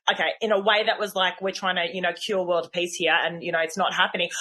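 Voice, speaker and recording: A woman in her thirties tells stories on her podcast in a casual, animated way. She is candid and pokes fun at herself, and her voice sits at an ordinary middle pitch. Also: a little fast, hardly any pauses. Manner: animated, candid and self-deprecating. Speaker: podcast host. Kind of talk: casual personal storytelling.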